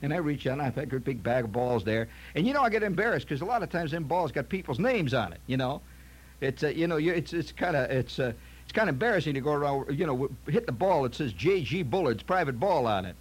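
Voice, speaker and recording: A man's voice: fairly high pitch, very animated, quick pace, breathy edge. A man telling a comic story in a folksy, rambling way, often stammering and repeating himself. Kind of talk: comic anecdote monologue.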